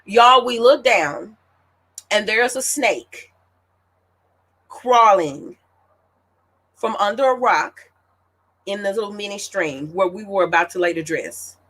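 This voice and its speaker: An animated woman in her late thirties tells a personal story in a relaxed, chatty way, often turning to her listeners. Her voice sits at an ordinary middle pitch for a woman. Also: slow, pauses often. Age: late 30s. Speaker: author hosting her own celebration. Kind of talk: casual storytelling to an audience.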